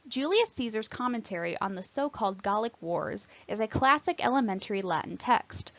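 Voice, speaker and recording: A woman teaching Latin pronunciation in scripted narration, clearly and carefully sounding out example words. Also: mid-range voice, fairly bright tone, no echo, highs cut off.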